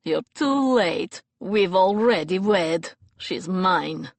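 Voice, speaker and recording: A woman's voice: on the low side, animated, takes it slowly, creaky, dry recording, full character voice. A woman voicing a ruthless, taunting male villain in an audiobook, snarling and gloating.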